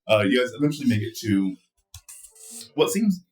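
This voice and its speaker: A man narrating a tabletop game as game master in a relaxed, chatty way. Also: mid-range voice, moderate pace, recorded from a distance, over music.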